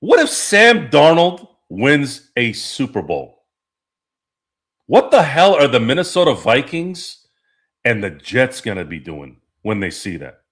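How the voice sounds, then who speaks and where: A man's voice: mid-range voice, wildly swooping pitch, a little slow, fairly bright tone. A man hosting a casual sports talk stream, rambling, swearing and laughing as he reads the chat. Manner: rambling, profane, laughs often. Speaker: podcast host.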